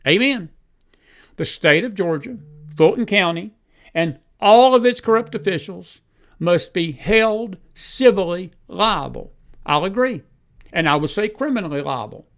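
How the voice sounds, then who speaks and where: Man, gravelly voice, fairly high pitch, live commentary host, rambling, fired up. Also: lively intonation, normal speed. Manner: rambling, then heated and emphatic; fumbles and self-talks while searching.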